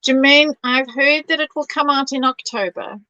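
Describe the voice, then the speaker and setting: A woman's voice: sits high, steady tone, moderate pace, sharp tone, no echo, muffled recording. A woman hosting a live craft stream, reading viewer comments aloud, enthusiastic and teasing. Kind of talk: casual live-stream chat.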